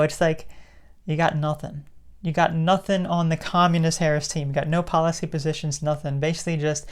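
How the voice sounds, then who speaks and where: A woman's voice: deep voice, darkish tone. A woman giving her opinions in a casual vlog. She rambles, restarts her sentences often and laughs to herself. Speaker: political commentary vlogger.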